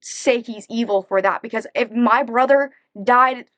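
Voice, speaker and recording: A nineteen-year-old woman, a podcast guest, telling a personal story frankly in quick bursts full of fillers and restarts. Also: a little high, a bit bright, no room sound.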